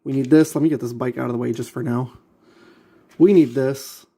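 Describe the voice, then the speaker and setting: A man's voice: mid-range voice, steady tone, a little fast, dark tone, husky. A man vlogging while he assembles a model kit, talking to himself and his viewers in an exasperated, muttering way and repeating himself often. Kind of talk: casual talk while assembling.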